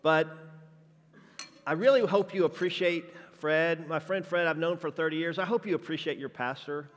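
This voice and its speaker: Man, guest preacher, juggler, playful crowd-work, slightly high voice, reverberant church hall. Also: normal speed. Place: church sanctuary.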